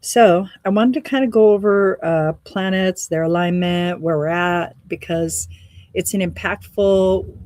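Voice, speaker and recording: Low-voiced woman musing, slightly out of breath. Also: darkish tone, no room sound, studio quality. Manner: meandering, reflective, laughs often. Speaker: meditation and energy reading host. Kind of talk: casual spiritual talk.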